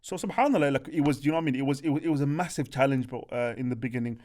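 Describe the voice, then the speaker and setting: A young man tells a story on a podcast. He talks in a lively, casual way, keeps checking that his listeners follow him, and his voice sits at a middle pitch for a man. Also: very fast. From Birmingham, England. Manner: animated, chatty, peppers speech with "bro" and "do you know what I mean". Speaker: podcast co-host.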